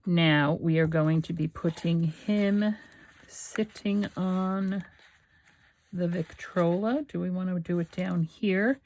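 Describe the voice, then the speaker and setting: A woman's voice: on the low side, a little slow, hardly any pauses, a little mellow. A woman hosting a craft video, thinking aloud and talking to herself as she glues and assembles a collage. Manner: thinking aloud, self-talk while working. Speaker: craft channel host. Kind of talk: casual crafting talk-through.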